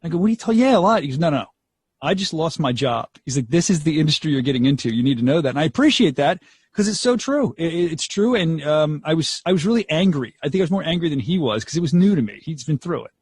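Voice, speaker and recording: Fast-talking radio DJ man. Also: a little high, slightly rough, no room sound, clean studio sound. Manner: animated, acts out quotes, laughs often. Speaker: radio DJ guest. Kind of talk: storytelling interview.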